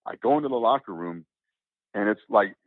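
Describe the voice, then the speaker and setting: A man telling a long story in casual chat, rambling and animated, with many restarts and acted-out quotes. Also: on the low side, fairly quick, no echo. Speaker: interview guest. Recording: tinny phone-like line, dry.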